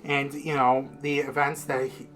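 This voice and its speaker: A man's voice: mid-range voice, completely flat delivery, measured pace, fairly bright tone. A young man giving a casual, rambling video review of a manga, swearing constantly and getting worked up as he retells the story.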